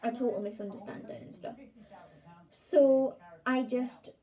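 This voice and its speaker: A woman's voice: a little high, fairly even intonation, a little slow, dark tone, low-quality recording. A woman tells a casual story time to her channel, chatty and full of "like" fillers. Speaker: vlogger.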